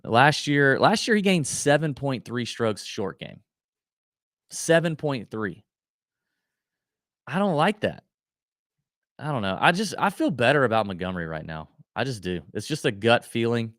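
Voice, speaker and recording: A man's voice: mid-range voice, very animated, unhurried, long pauses, fairly bright tone, no room sound, studio quality. Rambling man talking golf bets. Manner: rambling, self-interrupting, thinking aloud. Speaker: golf betting podcast host. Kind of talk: casual solo betting analysis.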